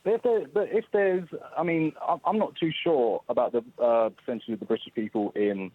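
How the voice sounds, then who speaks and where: A man's voice: mid-range voice, steady tone, a little fast, no room sound. A man calling into a radio phone-in, answering defensively and hesitantly, stumbling over his words. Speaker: caller. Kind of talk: talk radio phone-in call. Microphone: telephone. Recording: tinny phone line.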